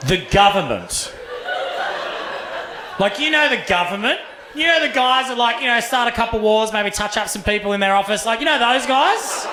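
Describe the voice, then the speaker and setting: A young Australian man performing a profane, animated stand-up set in a comedy club, acting out voices as he tells stories. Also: very high voice, normal speed, background noise. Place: comedy club stage with laughing audience. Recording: roomy club sound.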